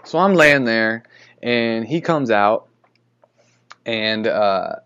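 A man's voice: on the low side, lively intonation, takes it slowly, sharp tone, clean tone, lo-fi sound. A man telling a story in a rambling, casual way, often correcting himself and chuckling. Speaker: podcast host.

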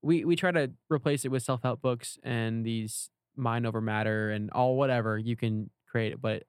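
A man's voice: mid-range voice, fairly even intonation, normal speed, clear, resonant tone, dry recording, clean studio sound. A man co-hosting a podcast, talking casually and making an earnest, reflective point. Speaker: podcast co-host. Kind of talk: casual chat.

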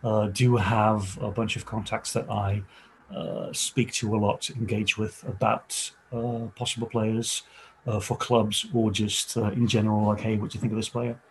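A man's voice: fairly low pitch, little pitch movement, normal speed, a little hiss or hum. A Dutch man in his forties, a guest football scout, speaking English hesitantly with many fillers. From Netherlands. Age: 40s. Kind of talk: casual podcast interview.

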